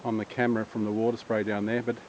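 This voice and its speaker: A man's voice: fairly low pitch, level tone, fast, a little mellow. A man narrating his bushwalk for a casual outdoor vlog, chatting as he goes, recorded on a handheld action camera outdoors. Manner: chatty, self-narrating on the move. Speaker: bushwalking vlogger. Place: outdoors in bush gorge by a waterfall. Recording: muffled camera audio with outdoor noise.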